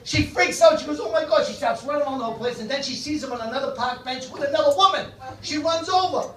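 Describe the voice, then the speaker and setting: A man's voice: very high voice, fast talker, a bit bright. A man telling stand-up jokes and hosting a comedy club night, acting out both sides of each joke. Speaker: comedy club host and comic. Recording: echoey club from far off. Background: laughing crowd.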